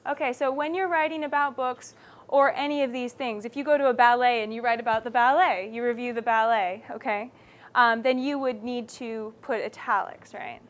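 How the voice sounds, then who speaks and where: High-pitched female teacher, animated classroom delivery, keeps checking in with her students. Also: normal speed. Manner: animated, checks understanding often. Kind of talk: classroom writing lesson.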